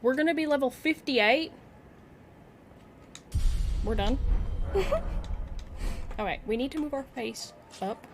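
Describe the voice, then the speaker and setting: A woman game streamer in casual live-stream chat, excitable and often giggling. She talks slowly and drawn out, with a faint hum of noise behind her. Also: sits high.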